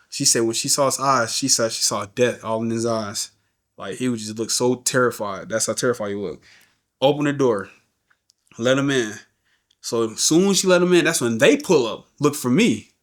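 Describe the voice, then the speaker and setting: A middle-aged man appearing as a podcast guest tells an emotional story in slangy everyday speech, often saying "you know what I'm saying" and acting out the voices of the people involved. His voice is medium-pitched, animated and a little fast.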